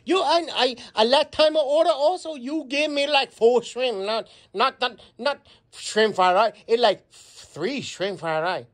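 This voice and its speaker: A man's voice: very high voice, measured pace. A man playing a fussy restaurant customer phoning in an order, with a put-on Chinese accent and broken, haggling grammar. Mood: complaining. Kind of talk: comic phone order role-play.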